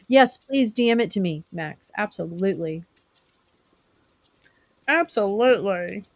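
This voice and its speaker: A woman's voice: on the high side, expressive, measured pace. A middle-aged woman from California, hosting a live stream and chatting casually with viewers, rambling and teasing them by name.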